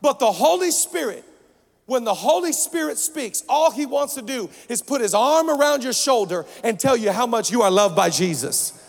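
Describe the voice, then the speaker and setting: High-voiced gravelly preacher in a big hall. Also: male voice, moderate pace. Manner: energetic, shouting punchlines then dropping to storytelling. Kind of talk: sermon. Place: large conference hall. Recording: long hall reverb.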